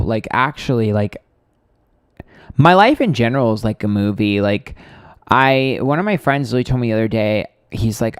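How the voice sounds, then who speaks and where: Male tarot livestream host, chatty storyteller, swears freely, dry close sound, middle pitch. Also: expressive, normal speed, no room sound. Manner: rambling, profane, exasperated. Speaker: tarot reader hosting a livestream.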